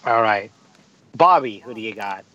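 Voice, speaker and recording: A man hosting a casual sports podcast, animated and quick to laugh, stressing words by repeating them. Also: on the low side, highs cut off. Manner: animated, laughing, repetitive emphasis. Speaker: podcast host.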